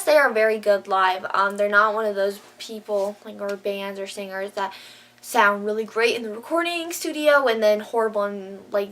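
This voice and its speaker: A woman's voice: medium pitch, a bit bright. A woman vlogger chatting casually to camera, gushing and filling her talk with "like". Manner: gushing, says "like" a lot.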